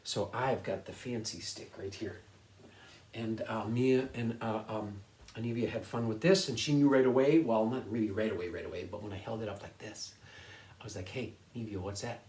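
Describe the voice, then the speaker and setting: A man's voice: on the low side, normal speed, a little mellow. A man teaching a science lesson in a casual, upbeat way, laughing often and checking that students follow along. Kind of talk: casual classroom video lesson. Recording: echoey room.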